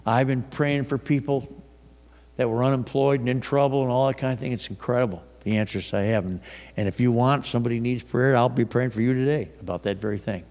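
Preacher, man, mid-pitched voice, chatty storytelling sermon with restarts, long hall reverb. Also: a little fast. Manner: conversational, animated storytelling with frequent restarts.

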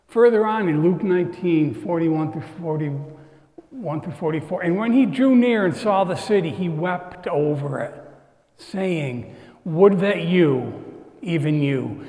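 A pastor preaches in a high voice and a slow, deliberate tempo, shifting between hushed asides and emphatic declarations. His sermon rings through a roomy sanctuary with a long reverberant tail. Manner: earnest, swings from hushed to emphatic. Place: church sanctuary. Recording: echoey hall, long reverb.

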